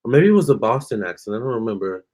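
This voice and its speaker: A man's voice: mid-range voice, big pitch swings, racing, a little mellow. A man doing a tarot reading on a live stream, answering viewer comments in a chatty, sassy way and calling them honey and girl. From Virginia. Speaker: tarot reader.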